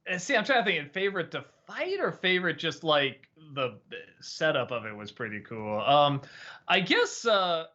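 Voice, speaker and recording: A man's voice: on the high side, big pitch swings, normal speed, pushed and bright, dull audio. A man hosting a casual livestream Q&A, rambling and hesitant with lots of fillers. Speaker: host.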